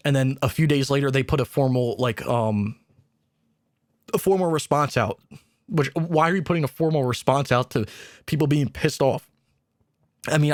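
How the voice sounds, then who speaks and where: A man's voice: fairly high pitch, no room sound. Exasperated ranting man, dry close sound. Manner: exasperated, swears, mocks companies in put-on voices. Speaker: gaming channel host. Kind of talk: casual ranting commentary.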